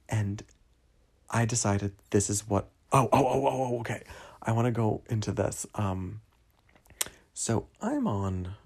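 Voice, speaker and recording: Young man from New Jersey, podcast host; low, gravelly voice; casual, wandering, self-mocking monologue. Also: a little mellow. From New Jersey, USA. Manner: rambling, digressive, self-deprecating.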